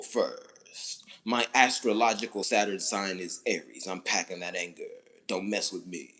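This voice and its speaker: A man's voice: low-pitched, moderate pace, fairly bright tone. A man talking alone on a livestream in an emphatic, declarative way, repeating short phrases and breaking into rhythmic chants. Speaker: livestream commentator. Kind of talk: livestream monologue.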